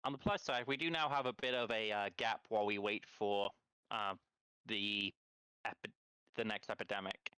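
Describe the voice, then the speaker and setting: Streamer, planning tactics aloud, bright clear tone, dry sound. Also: male voice, on the low side, steady tone, moderate pace, dry recording, low-quality recording. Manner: thinking aloud, strategic. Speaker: streamer playing a board game. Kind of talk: casual chat.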